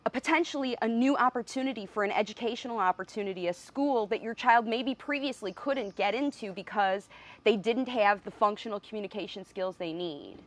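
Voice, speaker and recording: A woman's voice: mid-range voice, brisk. A middle-aged woman, a speech pathologist, speaking earnestly and with emotion to viewers of her live video, laughing now and then. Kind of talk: emotional live stream address. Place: standing outside by a window.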